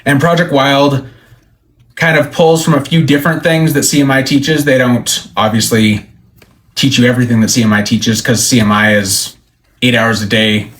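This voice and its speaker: A man in a casual interview who tells his stories with animation. He slips into the voices of the people he quotes, and his pitch sits in the ordinary middle range for a man. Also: normal speed. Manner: animated storyteller, acts out quoted lines. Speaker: country musician guest.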